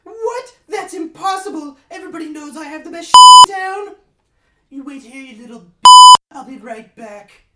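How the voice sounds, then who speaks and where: A woman doing a high, crude gangster witch. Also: fairly even intonation, normal speed, heavy background noise, close to an everyday voice. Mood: shouting angry. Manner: crude, menacing slang, bossy shouting. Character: wicked old female witch, a crude street-tough drug dealer. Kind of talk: comedic parody storytelling. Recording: echoey, with music behind.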